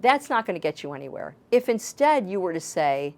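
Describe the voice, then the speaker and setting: A woman with a fairly low voice, speaking as a life coach on a television talk show. She talks earnestly and works through everyday examples to make her point. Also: big pitch swings, a little fast, hardly any pauses. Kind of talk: advice talk.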